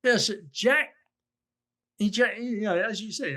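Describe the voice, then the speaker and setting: A man's voice: fairly high pitch, moderate pace. A man with an English accent, a consultant guest on a recruiting podcast, breaking down a phone call and acting out quoted lines. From England. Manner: animated, acts out quoted lines. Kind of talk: podcast commentary.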